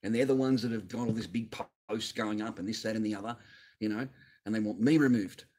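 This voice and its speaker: A man's voice: lowish voice, a little fast, darkish tone. A man hosting his own channel, ranting on a livestream in an angry, profane, rambling way. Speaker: channel host. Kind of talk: livestream rant.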